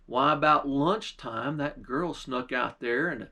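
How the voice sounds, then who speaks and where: A man's voice: mid-range voice, takes it slowly, bright, forceful tone. A man, a pastor, telling a folk tale in a drawling, folksy storytelling manner.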